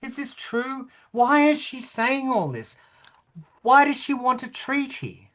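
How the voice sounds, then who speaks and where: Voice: sits high, animated, slow, a bit bright, exaggerated voice. A performer playing a bewildered, pompous king. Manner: hesitant, indignant, stammering. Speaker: actor in rehearsal. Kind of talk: play rehearsal reading.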